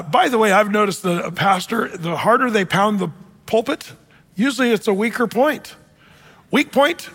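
A man with a notably high voice preaches a sermon as a pastor. He talks in a relaxed, storytelling way and slows right down to press home key phrases. His voice rings out with the long reverb of a big hall. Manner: conversational, storytelling, emphatic with slow stressed phrases.

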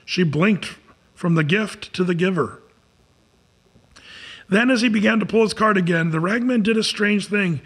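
A man's voice: sits high, moderate pace, pauses often, a bit bright, husky. A man telling a story aloud in an earnest way, with small slips and restarts along the way.

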